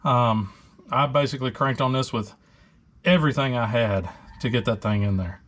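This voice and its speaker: Here the truck repair host's voice is mid-range and his pace moderate. He's working on parts in his garage, keeping up a relaxed, chatty workshop talk-through full of ums and other fillers.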